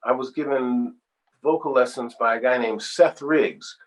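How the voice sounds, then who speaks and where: A man, a singer-songwriter, being interviewed and telling stories in an animated, expressive way. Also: medium pitch, unhurried, poor audio. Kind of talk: storytelling interview.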